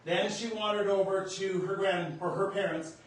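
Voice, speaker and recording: Sharing a personal spiritual experience on his podcast, a North Dakota man in his sixties speaks earnestly and emotionally, gasping in awe now and then. He has a high voice with fairly even intonation at normal speed, sounding distant in an echoey room.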